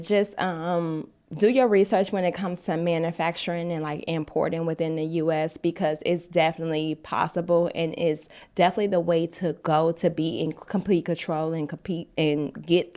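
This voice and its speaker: A woman in her thirties hosting a podcast, talking candidly and at length about her own path, speaking into a phone. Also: lowish voice. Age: 30s. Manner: candid, rambling, tearful at times. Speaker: podcast host. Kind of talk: emotional personal testimony on a live stream.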